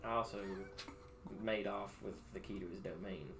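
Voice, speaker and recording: A man's voice: fairly low pitch, steady tone, moderate pace. A man role-playing a bard in a tabletop game, giving curt, stern replies. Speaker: player. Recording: clear background music.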